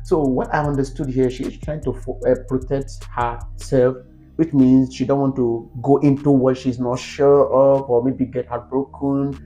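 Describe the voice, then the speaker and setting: A man with a Nigerian English accent tells a storytime vlog to camera. He talks in an animated, exasperated way, and his voice jumps up when he exclaims. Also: medium pitch, moderate pace. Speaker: vlogger.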